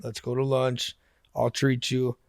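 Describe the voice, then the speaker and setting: A man's voice: medium pitch, completely flat delivery, a little slow, no echo, clean studio sound. A man being interviewed on a podcast, telling stories animatedly and acting out the dialogue, often laughing as he talks. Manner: acts out quoted dialogue in his stories. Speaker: interview guest. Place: podcast studio.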